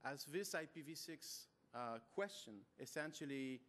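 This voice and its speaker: A man moderating a conference panel, calmly setting up questions for the panelists. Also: fairly high pitch, a little slow.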